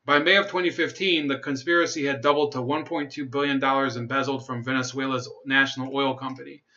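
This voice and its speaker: A man's voice: mid-range voice, fairly even intonation, fast talker, sharp tone, muffled recording. Sarcastic man reading news on a livestream. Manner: sarcastic, laughs at own jokes, reads chat comments. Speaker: livestream host.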